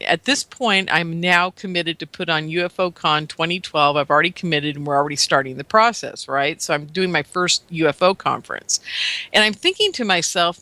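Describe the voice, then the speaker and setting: A woman's voice: lowish voice, bright, forceful tone, dry recording. A woman in her fifties telling a long personal story as a radio interview guest, chatty, often laughing and acting out the dialogue she recalls.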